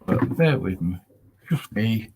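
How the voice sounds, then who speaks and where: A man hosts a casual solo livestream in a lowish, animated voice with vocal fry and a slightly mellow quality. He rambles slowly, thinking aloud with many pauses and tossing in dry, dismissive asides. Slight background noise is present.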